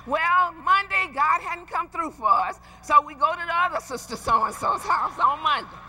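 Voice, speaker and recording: High, bright-voiced woman preacher in her 40s. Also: normal speed, rough recording. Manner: lively, emphatic, folksy storyteller. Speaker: preacher, pastor's wife. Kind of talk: storytelling sermon.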